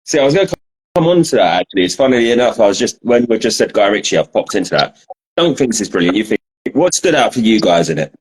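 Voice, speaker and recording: A man's voice: on the low side, very animated, quick pace, husky, low-quality recording. A man hosting a podcast, laid-back and sweary as he wraps up with the guest. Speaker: podcast host. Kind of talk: casual chat.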